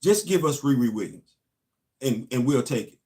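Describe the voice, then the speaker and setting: A man's voice: medium pitch, expressive, normal speed, a little mellow. A man, a show host and former Marine, telling a long casual story and asking his listeners rhetorical questions.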